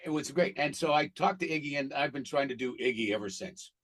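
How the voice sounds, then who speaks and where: A man who works as a voice actor telling stories in a casual interview, animated and laughing as he acts out what people said. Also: mid-range voice, a little fast, low-quality recording. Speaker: voice actor guest.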